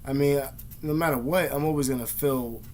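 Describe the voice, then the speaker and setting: A man's voice: mid-range voice, moderate pace, darkish tone, a little hiss or hum. A young man casually telling a personal story to camera, heavy on slang, swearing and fillers. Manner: profane and slangy, with many fillers. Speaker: vlogger.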